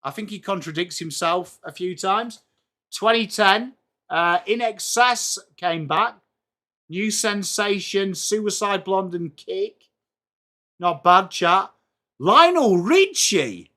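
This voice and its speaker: Young English man, live stream host, unhurried, chatty, self-mocking, fairly high voice. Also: expressive, bright, forceful tone. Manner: chatty, self-mocking, reads aloud to chat. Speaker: livestream host. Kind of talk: live watchalong chat.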